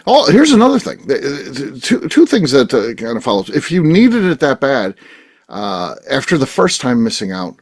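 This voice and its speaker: A man hosting a casual chat show, his pitch swinging widely as he tells a story. He rambles and restarts often, filling gaps with "uh." He is heard over a video call. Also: wildly swooping pitch, normal speed. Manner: rambling storyteller with many fillers. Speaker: podcast host.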